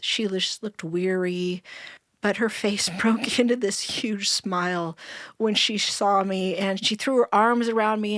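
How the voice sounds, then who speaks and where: A middle-aged woman telling her story in a casual chat, earnest and warm, laughing often. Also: mid-range voice, no echo, clean studio sound. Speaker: storyteller guest.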